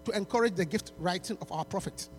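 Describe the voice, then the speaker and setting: Man, pastor at a church appeal, high voice, pleading, stammering restarts. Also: fast, a little hiss or hum. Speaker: pastor launching a book.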